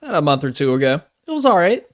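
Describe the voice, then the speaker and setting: A man's voice: on the high side, very animated, rapid-fire, dry recording, studio quality. A man co-hosting a podcast in casual chat, laid-back, swearing freely and laughing often. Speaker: podcast co-host.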